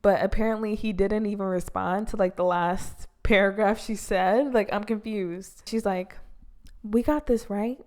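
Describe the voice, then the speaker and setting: A young woman chatting her way through a show recap in a mid-pitched voice. She sounds loose and unscripted, often exasperated, with "like" dropped into nearly every sentence. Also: steady tone, normal speed, hardly any pauses, clear, resonant tone. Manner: exasperated, heavy use of "like". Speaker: YouTuber recapping a reality show.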